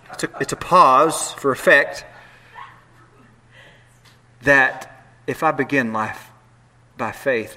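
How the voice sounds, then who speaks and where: In a mid-range voice, a pastor preaches a sermon that swings between hushed, quiet lines and loud, animated bursts. He also tosses playful asides to the congregation.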